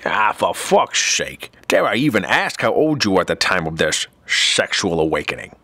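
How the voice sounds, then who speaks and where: A man's voice: deep voice, sing-song, moderate pace, bright, forceful tone, no echo, heavily acted. A man voicing an exasperated, foul-mouthed male cartoon therapist with a sarcastic delivery. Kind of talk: cartoon comedy voice acting.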